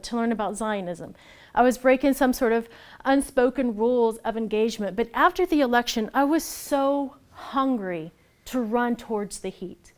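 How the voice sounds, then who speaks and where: A woman giving a personal storytelling talk, animated and laughing easily as she acts out the voices she quotes. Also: on the high side, clean tone. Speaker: speaker at a storytelling event.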